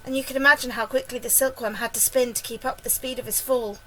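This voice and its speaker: A woman reading a children's book aloud, lively and expressive, getting louder and higher for the characters' lines. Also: fast talker, slight background noise, poor audio. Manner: lively, raising pitch and volume for dialogue. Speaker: storybook reader.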